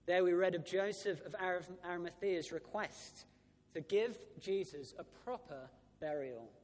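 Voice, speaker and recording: A man in his thirties, a Church of England vicar, giving an Easter sermon with a storytelling manner and frequent "uh" fillers. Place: large church. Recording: church PA with long reverb, faint rumble.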